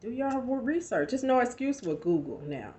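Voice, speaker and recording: A woman's voice: fairly high pitch, sing-song, moderate pace, dark tone. A woman in her thirties giving a conversational motivational talk, emphatic and full of rhetorical questions. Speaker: motivational speaker.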